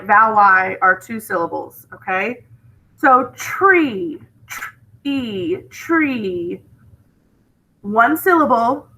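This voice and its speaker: A woman with a slightly high, bright voice teaches a spelling lesson, speaking very slowly and patiently. She draws out each word so young students can follow, though the recording is rough.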